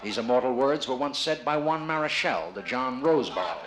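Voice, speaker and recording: Performing live stand-up at a casino showroom, a man with a medium-pitched, expressive voice briskly teases someone from the crowd. The 1960s vinyl recording is roomy and noisy, and the audience's laughter can be heard.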